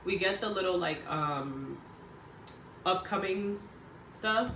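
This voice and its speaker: A woman's voice: fairly low pitch, slow, fairly bright tone, recorded from a distance. A woman casually recapping a reality TV show in a chatty, slangy, blunt way. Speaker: TV recap vlogger. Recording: roomy echo, voice off-mic, faint background hum.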